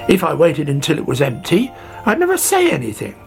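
A storyteller voicing a greedy, excitable young caterpillar in a storybook, with a high squeaky voice. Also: fairly quick, vocal fry, faint music behind. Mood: cheeky. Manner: squeaky, shrill cries. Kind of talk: storybook character voice.

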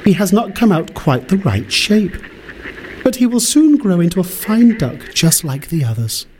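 A man voicing a proud, gentle mother duck who reassures, in a children's fairy tale. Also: high voice, big pitch swings, normal speed, a little hiss or hum, voice pushed up, poor audio. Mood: reassuring.

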